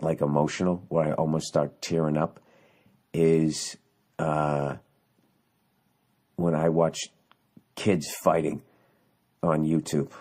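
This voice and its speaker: A man's voice: a bass voice, darkish tone, breathy edge. A man hosting a podcast alone, ranting sarcastically and profanely, with occasional mocking impressions. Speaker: podcast host. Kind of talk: solo ranting monologue. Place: on vacation away from home.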